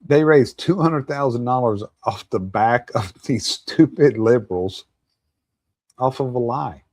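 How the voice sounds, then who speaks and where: A man's voice: medium pitch, measured pace, a little mellow, no echo, clean studio sound. A man hosting a show, ranting with profanity and scornful laughs in political commentary. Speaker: host.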